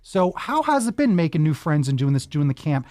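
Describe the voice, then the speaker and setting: A man's voice: a little high, very animated, brisk, a little mellow, dry recording, studio quality. A man hosting a talk show who interviews children in an enthusiastic, encouraging way and offers them advice. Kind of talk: upbeat interview with kids.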